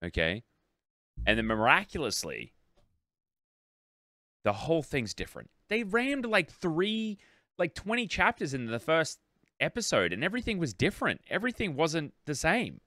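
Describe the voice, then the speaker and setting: A man's voice: on the high side, normal speed, pauses often, dry recording, studio quality. A young Australian man co-hosting a podcast, chatting casually and rambling through his points. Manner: rambling, animated, self-interrupting. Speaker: podcast co-host. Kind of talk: casual chat.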